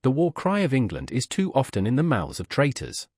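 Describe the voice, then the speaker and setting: An embattled king rallies his men, as a male narrator reads him in an audiobook. He sounds urgent and commanding, with a husky edge to his voice. His pitch leaps about. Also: wildly swooping pitch, a little fast, darkish tone, no room sound, studio quality.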